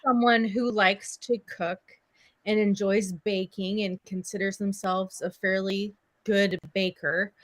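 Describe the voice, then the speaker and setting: A woman's voice: medium pitch, little pitch movement, slow, dry recording, poor audio. A woman co-hosting a casual live stream, lecturing in an emphatic, exasperated way. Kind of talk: casual chat.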